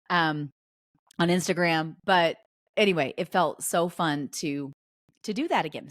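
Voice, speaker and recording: A woman's voice: lowish voice, no room sound. Chatty woman in her forties, dry close sound. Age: 40s. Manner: chatty and animated, laughs often, restarts sentences. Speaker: podcast host. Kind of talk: casual solo podcast chat.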